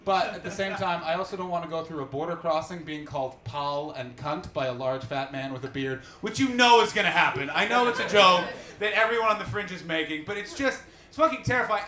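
A young comedian with a high, bright, sharp voice works the crowd in a rapid, profane stand-up set. He speaks into a handheld mic. The small club around him rings with echo. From Canada. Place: small comedy venue, indoors.

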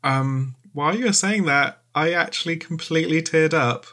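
A man's voice: fairly high pitch, normal speed, pushed and bright. A man co-hosting a podcast in casual chat, speaking hesitantly with many ums and frequent laughs. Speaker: podcast co-host.

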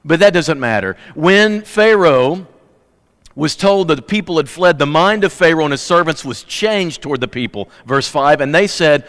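A man preaching a sermon in a church, emphatic and folksy, swinging from loud punchy bursts to low, quiet asides. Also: expressive, moderate pace. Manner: folksy, humorous. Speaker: pastor. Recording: long hall reverb.

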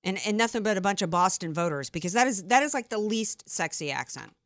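A woman from the American Deep South, hosting a talk radio show with emphatic, opinionated chatter. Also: lively intonation, dry recording. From Deep South of the United States. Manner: emphatic, opinionated, quick asides.

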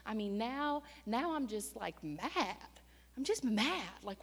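A woman preaching a sermon and telling a personal story in a lively, conversational way, with sudden surges in pitch and loudness. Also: takes it slowly, slightly rough. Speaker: church staff member and preacher. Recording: long hall reverb.

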